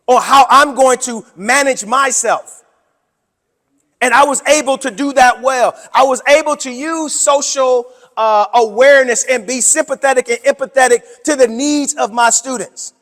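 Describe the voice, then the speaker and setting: A man presenting a workshop to teachers, with an animated, preacher-like delivery that swings between loud and soft. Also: very high-pitched, measured pace. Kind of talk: conference talk to educators. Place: conference room. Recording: hall with long reverb.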